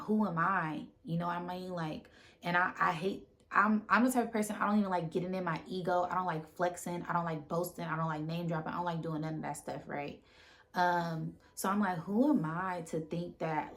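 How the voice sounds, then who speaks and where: A woman talking casually to her viewers about spiritual matters, emotional and close to tears, repeating phrases and often asking "right?". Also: fairly low pitch. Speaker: spiritual content creator.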